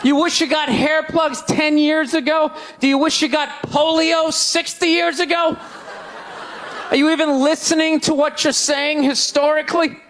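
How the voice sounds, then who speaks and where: A male stand-up comedian on a club stage, ranting loudly and incredulously into a handheld mic. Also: very high voice, level tone, normal speed.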